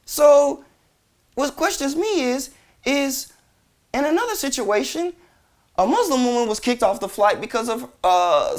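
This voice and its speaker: A man hosting a commentary show, ranting in exasperated disbelief with heavy swearing. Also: high-pitched.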